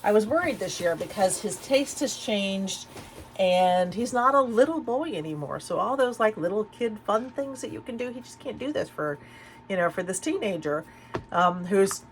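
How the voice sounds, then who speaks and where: In a rough recording with slight background noise, a medium-pitched woman, middle-aged, talks casually at home for a haul vlog. Her chat rambles, full of fillers and restarts, from a room in her house.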